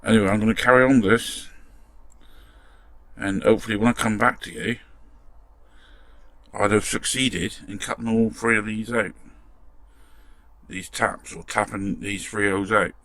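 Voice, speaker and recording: Gravelly low-voiced man tinkering. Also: fairly even intonation, measured pace, long pauses, a bit bright, dry recording. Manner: chatty, muttering while working, mild swearing. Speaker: model restoration vlogger. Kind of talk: casual workshop commentary.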